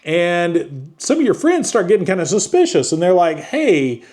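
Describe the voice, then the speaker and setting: A man casually talking through a book review, halting often with fillers and restarts. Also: sits high, sing-song, darkish tone. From United States.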